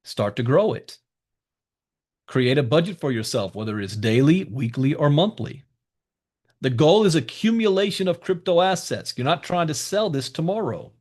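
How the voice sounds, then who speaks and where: A man's voice: on the high side, expressive, normal speed, a little mellow. A man hosting an education call, giving emphatic motivational coaching and repeating his key advice straight to the listeners. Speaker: host of a crypto education call.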